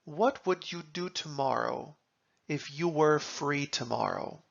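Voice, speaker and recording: A man teaching German grammar, reading example sentences and translating them in a slow, deliberate lesson. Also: fairly high pitch, vocal fry, muffled recording.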